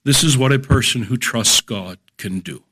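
A middle-aged man giving a measured, emphatic Bible lecture, explaining a psalm verse by verse. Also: medium pitch, a bit bright, husky. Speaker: Bible teacher.

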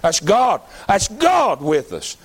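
High-pitched preacher, folksy and emphatic. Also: male voice, wildly swooping pitch, takes it slowly, breathy edge. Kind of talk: sermon.

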